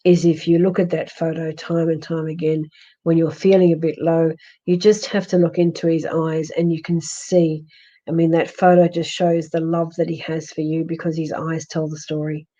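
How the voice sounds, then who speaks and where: A woman with an Australian accent, a husky voice and a fading, hoarse throat, gently consoling a viewer in a live-stream psychic reading with many restarts. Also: deep voice, flat delivery, moderate pace, dull audio. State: hoarse, losing her voice. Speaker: psychic medium.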